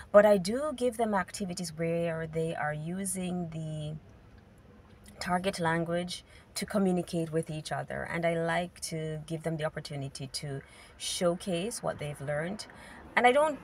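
A woman's voice: on the low side, measured pace. A woman from Jamaica. She talks candidly and rambles a little in a casual vlog, recorded outdoors on a street on her way to work. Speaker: English teacher. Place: outdoors on a street while commuting. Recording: distant mic with loud traffic noise.

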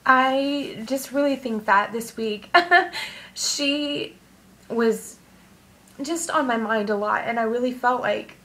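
A young woman talking through her feelings in a personal vlog, halting and emotional, with many fillers and restarts. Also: on the high side, a bit bright. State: tearful. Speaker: vlogger.

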